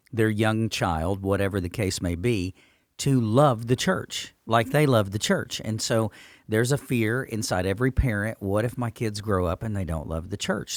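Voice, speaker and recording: A man's voice: lowish voice, no echo, clean studio sound. A man, a pastor, talking earnestly and with emphasis in a church podcast discussion.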